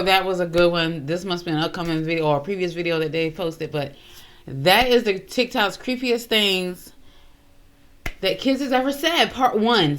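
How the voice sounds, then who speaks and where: A woman hosting a casual reaction video, chatty and quick to exclaim. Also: mid-range voice, fairly bright tone. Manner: chatty, exclaims and laughs often.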